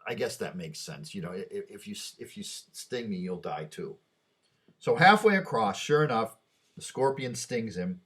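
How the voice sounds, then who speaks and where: A husky man with a lowish voice rambles through a late-night monologue. He talks to himself, restarts often and drifts off mid-thought. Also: expressive, normal speed, a bit bright. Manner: rambling, muttering, restarts and trails off. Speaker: vlogger.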